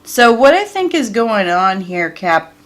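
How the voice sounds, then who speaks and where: A woman's voice: medium pitch, sing-song, a little slow, fairly bright tone. A woman reading tarot cards for viewers in a casual, chatty way, talking straight to them and laughing often. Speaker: tarot reader.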